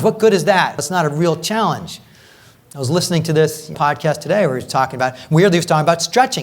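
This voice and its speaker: Energetic male coach, higher voice. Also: brisk. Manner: energetic, conversational, keeps asking "right?"; repeats and restarts phrases for emphasis. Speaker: executive coach leading a workshop. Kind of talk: live workshop presentation.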